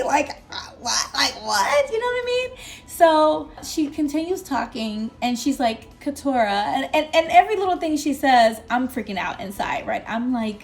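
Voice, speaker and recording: A young woman at her desk telling an excited storytime vlog, animated and exclamatory, breaking into laughs and squeals. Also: high-pitched, moderate pace.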